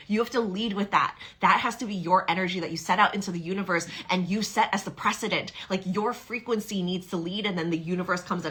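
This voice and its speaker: A woman in her thirties giving an impassioned, repetitive motivational talk as a business coach. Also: on the low side. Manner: impassioned, repetitive, acts out inner voices loudly.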